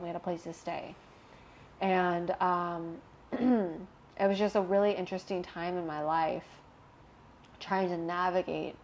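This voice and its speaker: A young woman guest telling a personal story in a candid interview, animated and emotional, laughing at times. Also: fairly low pitch, slight background noise.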